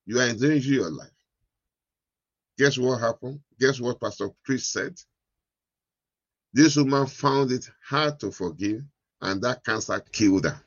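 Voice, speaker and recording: A man's voice: medium pitch, unhurried, dry recording, lo-fi sound. A man pastor delivering a sermon, repeating his lines for emphasis. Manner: repetitive, emphatic preaching.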